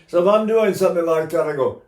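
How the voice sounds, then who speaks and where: A man's voice: high voice, fast. Older male voice teacher, roomy sound. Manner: explains calmly, then sings loud operatic bursts. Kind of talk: singing lesson demonstration.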